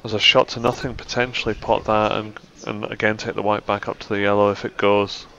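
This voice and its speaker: A man's voice: lowish voice, flat delivery, brisk, vocal fry, background noise. A man co-commentating live snooker, mixing shot analysis with dry, joking asides. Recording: dull, slightly muffled sound.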